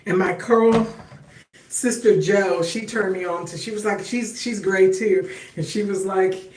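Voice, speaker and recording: A woman's voice: mid-range voice, fairly even intonation, a little slow, a little mellow, recorded from a distance. A middle-aged woman hosting a casual livestream while she styles her hair. She talks chattily and directly to her viewers, with some talk about her faith. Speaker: livestream host. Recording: roomy echo, voice off-mic.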